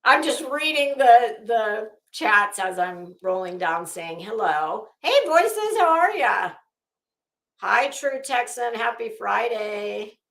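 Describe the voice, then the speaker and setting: A woman's voice: on the high side, lively intonation, slow, gravelly, fairly bright tone. A woman hosting a live stream, reading chat messages aloud and giving catty, sarcastic gossip commentary with plenty of swearing. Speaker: livestream host. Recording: roomy echo.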